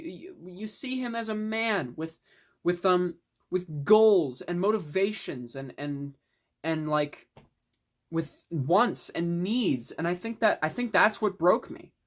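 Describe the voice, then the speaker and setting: A person casually reviewing films in a video, rambling and restarting sentences, with the odd swear word. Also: medium pitch. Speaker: film vlogger.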